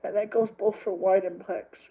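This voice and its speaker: A man's voice: sits high, fairly even intonation, normal speed, vocal fry, dark tone, breathy edge, poor audio. A man talking straight to his viewers while crying, pleading and repeating himself, with plenty of swearing. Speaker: livestreamer. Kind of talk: emotional monologue to viewers.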